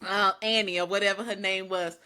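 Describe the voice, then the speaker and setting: A woman's voice: medium pitch, fairly even intonation, fairly quick, bright, forceful tone, clear, resonant tone. A woman co-hosting a podcast in casual chat, with laid-back, laughing asides. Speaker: podcast co-host.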